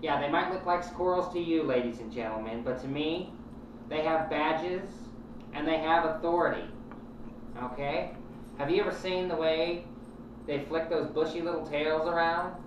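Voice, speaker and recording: A woman playing a gruff, ranting talk-radio host. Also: low voice, normal speed, highs cut off, natural voice. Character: combative rambling talk-radio host, paranoid. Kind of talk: comic talk-radio rant. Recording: very echoey room, distant mic, noisy.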